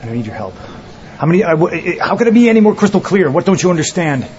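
Brief: a man doing a stubborn, intense wrestler, dark mellow voice, dull broadcast playback. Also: sits high, big pitch swings, fast, a little hiss or hum. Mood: angry. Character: defiant, stubborn male wrestler chasing a title. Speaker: wrestler in a backstage segment. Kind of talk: scripted televised wrestling promo.

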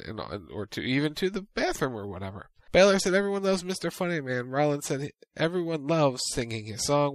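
A man co-hosting a casual chat, summarizing events at a brisk, easygoing pace. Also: medium pitch, no echo. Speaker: podcast co-host recapping wrestling.

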